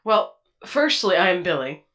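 A woman's voice: lowish voice, very animated, normal speed, fairly bright tone. Woman playing a prim, formal droid. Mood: earnest. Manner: stiff, formal and precise.

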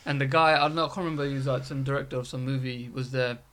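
A man's voice: mid-range voice, steady tone, rapid-fire, fairly bright tone, a little hiss or hum. A young man telling stories in casual chat, swearing freely and acting out quotes.

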